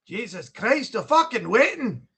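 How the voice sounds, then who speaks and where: A rowdy, impatient pub drinker, as a British man puts him on, loud and sweary as he badgers his mate. His voice is pitched a bit higher than usual and pushed forward. It is played as a live-stream bit. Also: big pitch swings, measured pace, husky, full character voice.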